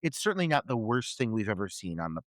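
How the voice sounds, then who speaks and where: A man co-hosting a podcast, reviewing a movie in an animated, incredulous way and swearing freely. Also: on the low side, fast, dry recording. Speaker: podcast co-host. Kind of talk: casual movie review chat.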